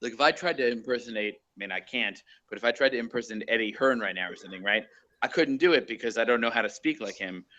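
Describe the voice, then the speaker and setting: Halting male panelist on a dull line. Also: medium pitch, sharp tone. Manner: hesitant, searches for words with many fillers. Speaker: podcast panelist. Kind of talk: casual podcast chat.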